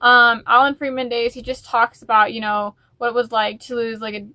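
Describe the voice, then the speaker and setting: A woman's voice: a little high, level tone, brisk, sharp tone, no room sound. A woman chatting in a casual music vlog, rambling and openly emotional. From United States. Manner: chatty and rambling, with fillers and restarts. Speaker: music vlogger.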